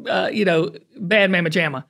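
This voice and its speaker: Bright-voiced Southern woman host. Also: lowish voice. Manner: chatty, folksy storytelling with drawn-out emphasis. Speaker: talk show host. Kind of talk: casual chat.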